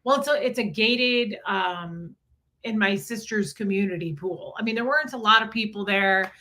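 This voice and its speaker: Bright chatty woman hosting a live stream. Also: mid-range voice, normal speed. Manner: chatty, greets viewers by name. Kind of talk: casual live-stream chat.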